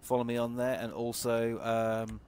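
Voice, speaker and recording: A man gives casual live-stream commentary over a racing game, talking chattily and swearing freely. His voice sits at an ordinary middle pitch. Loud game and engine noise runs under everything he says. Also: moderate pace. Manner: chatty, excitable, swears often. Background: game engine and car sounds.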